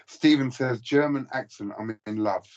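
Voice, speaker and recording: A man hosting a casual live stream, laughing easily as he reads out comments from viewers. His voice sits at a middling pitch, and the call audio sounds dull and lo-fi. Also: measured pace. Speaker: livestream host. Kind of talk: casual livestream chat.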